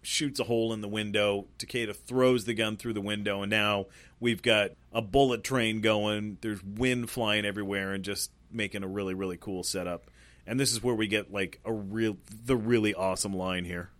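A man co-hosting a casual podcast, recounting a film scene by scene in an animated, profane way and laughing often. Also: lowish voice, moderate pace, no echo. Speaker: podcast co-host. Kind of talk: casual movie discussion.

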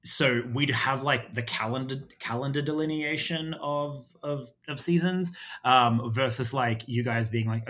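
A man's voice: medium pitch, a little slow, hardly any pauses, fairly bright tone. Rambling Australian man chatting. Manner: rambling, many fillers and restarts. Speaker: podcast guest. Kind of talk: casual chat.

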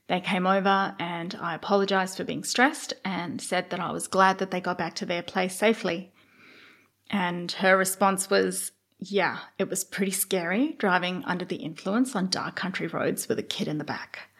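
A middle-aged woman candidly telling a personal story as a podcast host, getting animated when she relives her thoughts. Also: fairly low pitch.

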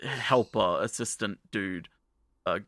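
Bright-voiced man recapping casually. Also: on the low side, no echo, clean studio sound. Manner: rambling, profane, acts out lines in quick voices. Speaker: podcast co-host.

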